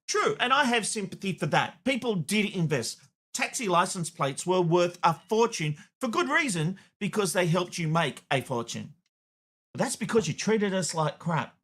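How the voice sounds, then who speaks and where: Blunt Australian man, high voice. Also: big pitch swings, moderate pace, a bit bright. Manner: blunt, storytelling with acted-out dialogue. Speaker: TV host. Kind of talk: opinion rant to camera.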